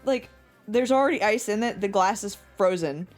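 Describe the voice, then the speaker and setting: A woman's voice: medium pitch, normal speed, soft background music. A young woman co-hosting a podcast, telling a long, profane, laugh-filled story in casual chat. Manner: animated, profane, laughs often while telling stories. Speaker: podcast co-host.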